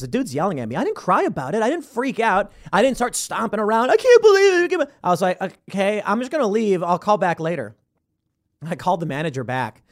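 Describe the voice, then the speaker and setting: Host, man, late thirties, high and lively, rambling storyteller who acts out quotes. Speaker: show host. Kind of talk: casual storytelling and commentary.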